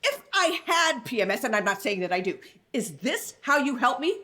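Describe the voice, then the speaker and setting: A fed-up, sarcastic sitcom wife. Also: female voice, high voice, sing-song, bright, forceful tone, exaggerated voice. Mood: indignant. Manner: scolding, sarcastic, quick retorts. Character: exasperated wife fed up with her husband. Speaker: actor in a reunion table read. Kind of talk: sitcom table read. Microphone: video call.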